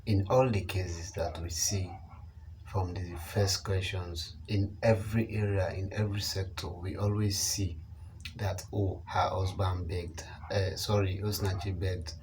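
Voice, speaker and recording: Slow, deep-voiced man commenting emphatically. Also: fairly even intonation, darkish tone, slight background noise, rough recording. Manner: emphatic, repeats phrases for stress. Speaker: online channel commentator. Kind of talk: commentary on a news story.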